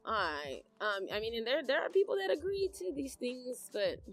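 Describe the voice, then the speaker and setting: A woman's voice: a little high, moderate pace, soft background music. A woman co-hosting a podcast, telling stories and explaining in a casual, slangy way with frequent laughter. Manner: animated, laughs often, slangy. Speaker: podcast co-host. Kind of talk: casual chat, storytelling.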